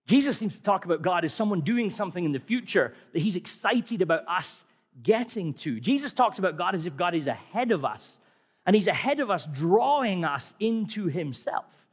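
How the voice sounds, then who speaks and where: Wry middle-aged preacher in a reverberant hall. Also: male voice, sits high, very animated, moderate pace, slightly rough. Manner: conversational, wry, asks many rhetorical questions. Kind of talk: sermon. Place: church hall.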